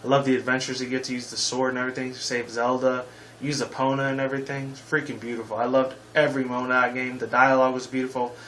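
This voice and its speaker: A man's voice: mid-range voice, level tone, fast talker, a bit bright, a little hiss or hum, poor audio. A man in his twenties hosting a casual game-review video, rambling and heated, with frequent swearing. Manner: casual sign-off slang. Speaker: gaming video host.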